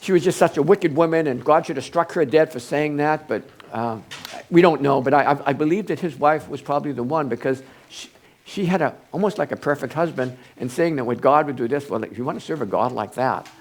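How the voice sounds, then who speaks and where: An older man leading a plain, informal Bible study. He talks in halting bursts, restarting phrases and wandering, his voice sitting a little high for a man. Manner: halting, rambling, many restarts. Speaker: preacher.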